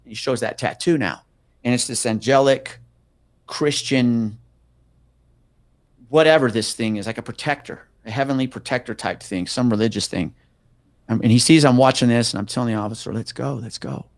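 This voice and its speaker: A mid-range-voiced middle-aged police officer speaks at normal speed and pauses often, in studio-quality audio with no echo. His casual interview story is packed with swearing, and he animatedly voices the people in it.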